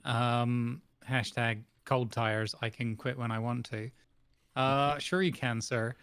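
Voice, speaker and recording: A man's voice: mid-range voice, fairly even intonation, slow pace, fairly bright tone, smooth. A man co-hosting a podcast, telling a story in a wry, teasing, casual way. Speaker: podcast co-host.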